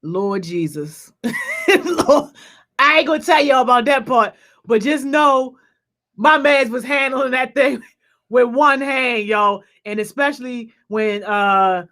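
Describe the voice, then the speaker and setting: High-voiced, lively woman hosting a video call. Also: a little slow. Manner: energetic, slangy, peppers speech with "yo" and laughter. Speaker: youth program host. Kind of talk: casual shout-outs on a video call.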